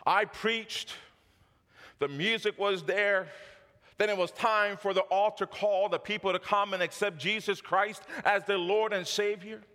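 A man's voice: high voice, steady tone, a little slow, sharp tone. A man, a pastor, giving a sermon testimony in a fervent storytelling manner with repetitions and laughs. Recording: long hall reverb.

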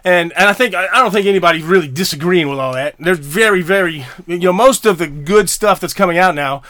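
A man's voice: high voice, brisk, a bit bright, no echo, clean studio sound. Profane, heated man ranting. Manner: profane, heated, stammering restarts. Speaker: podcast host. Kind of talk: angry solo rant.

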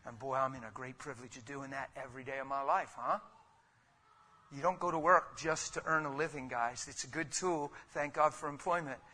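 A man preaching a sermon in a conversational, rhetorical way, with sudden loud bursts. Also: mid-range voice, a little fast, slight background noise. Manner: conversational, calls listeners "man" and "guys". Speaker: pastor.

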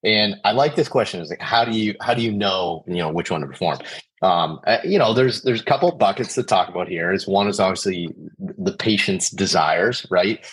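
Husky-voiced upbeat male podcast host. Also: sits low, animated, fairly quick, fairly bright tone, low-quality recording. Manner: upbeat, laughs easily, fillers. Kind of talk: casual podcast chat.

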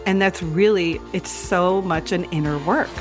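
A woman's voice: lowish voice, unhurried, music in the background. A woman guest on a podcast interview who speaks as a birth educator, earnest and flowing, with many filler likes.

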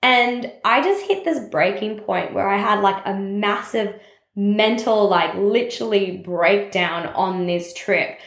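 A woman's voice: medium pitch, slow. A young adult woman who leads a network marketing team, talking openly and reflectively about her setbacks in a confessional, self-help way, with plenty of "like" fillers. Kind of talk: personal reflective monologue. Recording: roomy echo.

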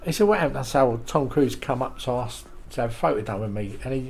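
A man, a podcast guest telling lively showbiz stories and quoting the people in them. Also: medium pitch, fast, creaky, hardly any pauses, a little hiss or hum. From England. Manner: animated anecdotes with quoted voices and laughs. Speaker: interview guest. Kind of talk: casual storytelling.

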